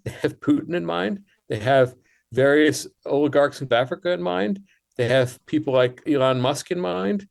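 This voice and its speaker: A man, a writer, speaking as a guest in a radio interview, explaining in a measured and thoughtful way. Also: a little high, gravelly.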